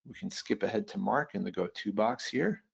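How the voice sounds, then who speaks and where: A man teaching a Bible software webinar, thinking aloud as he works through a passage. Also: fairly low pitch, fairly quick, creaky, slightly rough. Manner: thoughtful, thinking aloud with restarts. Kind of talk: webinar teaching with screen demo. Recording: dull lo-fi webinar audio.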